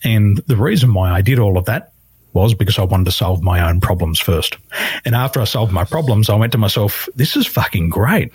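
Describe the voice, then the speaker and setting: A man with a fairly low, husky voice that swings widely in pitch as he tells a story. He speaks as a life coach guest in a podcast interview and acts out the people he quotes. The sound is close and dry. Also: expressive, a little fast, dry recording.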